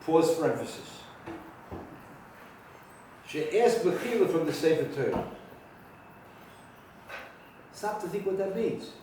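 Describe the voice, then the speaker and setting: A man rabbi teaching a halacha class, talking with halting restarts and sudden emphatic rises in pitch. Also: expressive, warm tone, slight background noise. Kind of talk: spoken Torah lecture. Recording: very echoey room from far off.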